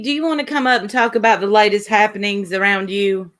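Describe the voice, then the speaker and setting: A woman's voice: mid-range voice, brisk, hardly any pauses, a bit bright. Blunt, gossipy woman hosting a stream. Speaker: live stream host. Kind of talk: casual live stream chat.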